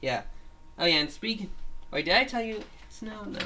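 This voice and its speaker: A man's voice: high voice, animated, a little fast, sharp tone, a little hiss or hum. A man casually retelling a monster story of his own, rambling with frequent restarts and fillers, at home with his grandmother nearby.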